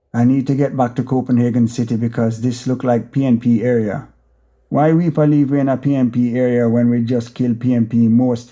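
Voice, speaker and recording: A man's voice: mid-range voice, dark tone, muffled recording. Jamaican man narrating a frantic monologue. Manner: frantic, rambling inner monologue in patois. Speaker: audiobook narrator. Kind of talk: first-person audiobook narration.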